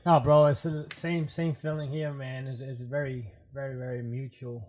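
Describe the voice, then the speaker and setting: A man's voice: medium pitch, flat delivery, normal speed, darkish tone. A man who is a Marine, talking as a podcast guest in an earnest, reflective way, often adding "man" and "you know what I'm saying". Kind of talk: casual interview talk.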